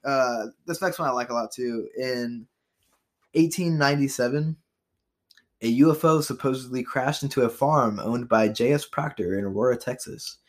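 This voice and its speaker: A man's voice: medium pitch, moderate pace. A young man hosting a podcast, chatting loosely about history trivia with frequent fillers and profanity. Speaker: podcast host.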